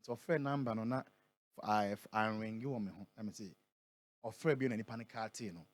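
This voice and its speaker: A Ghanaian man who is a prophet reads scripture during a radio interview in a studio, slowing and building on the important words. His voice is lowish and the recording is dry.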